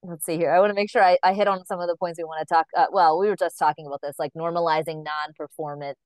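A woman's voice: fairly low pitch, fairly even intonation, quick pace, darkish tone, no room sound. A woman hosting a podcast, chatting casually and laughing as she rambles through a story. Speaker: podcast host. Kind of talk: casual interview chat.

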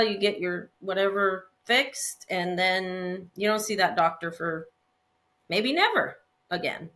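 Woman, middle-aged, hairstylist guest, animated storytelling, frequent laughter, mid pitch. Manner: animated, laughs often, many restarts. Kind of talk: conversational storytelling.

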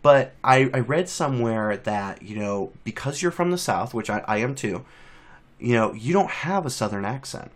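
A man's voice: mid-range voice, animated, normal speed. Friendly rambling male interview host. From Southeast Georgia. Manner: friendly, rambling, many restarts. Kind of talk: casual interview chat.

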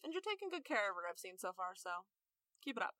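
Woman as chatty, teasing party host; bright, dry. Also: mid-range voice, sing-song, fast, no echo. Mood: soft encouraging.

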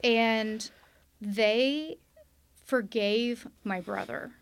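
A woman's voice: on the high side, drawn-out words, a little hiss or hum. A woman sharing a candid personal testimony on a podcast, earnest and quoting her past self aloud. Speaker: guest sharing her story.

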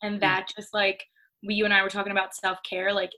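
Bright, candid young woman chatting. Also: mid-range voice, brisk, low-quality recording. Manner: candid, animated, lots of "like". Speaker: podcast guest. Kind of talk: casual conversation.

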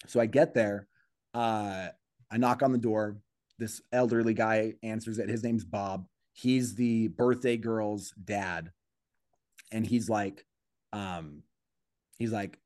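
A man's voice: lowish voice, fairly even intonation, moderate pace, darkish tone, dry recording, studio quality. A man, a comedian, telling a story in a casual podcast conversation, acting out the voices of people in it and restarting his sentences often. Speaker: comedian guest.

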